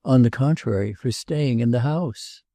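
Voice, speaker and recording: Old woman in a storybook, weary and flat-spoken, gravelly and dark, voiced by a male reader. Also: mid-range voice, moderate pace, no room sound, lightly acted. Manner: dry, tired, refusing. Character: elderly woman, weary and blunt.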